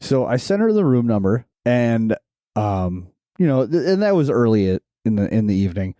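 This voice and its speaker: A man's voice: medium pitch, big pitch swings, normal speed, warm tone, no echo, lo-fi sound. A man co-hosting a podcast, telling a story in a casual chat and laughing often. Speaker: podcast co-host.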